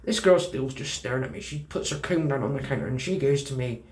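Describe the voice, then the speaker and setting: Telling a personal story casually, a man with a British accent acts out the dialogue and swears freely in an animated way. He speaks a little fast in a mid-range voice, with a reverberant sound.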